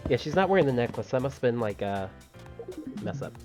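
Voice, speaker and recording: A man's voice: medium pitch, fairly quick. A man streaming a game live in casual chat, laughing often and reading game lines aloud. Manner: excitable, loud greetings. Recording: slightly dull live-stream audio with faint music.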